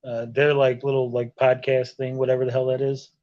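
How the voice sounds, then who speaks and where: A man's voice: mid-range voice, fairly quick, highs cut off. A man talking over a video call from a hotel room, telling a story in casual chat with lots of swearing and acting out other people's lines. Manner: animated, profane, acts out others' lines. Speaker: podcast host.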